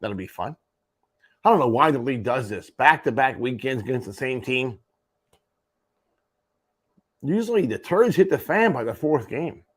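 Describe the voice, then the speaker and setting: A man's voice: medium pitch, lively intonation, normal speed, pauses often. A man hosting a morning sports show, running through junior hockey standings with wry offhand asides. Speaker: host. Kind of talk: sports radio rundown.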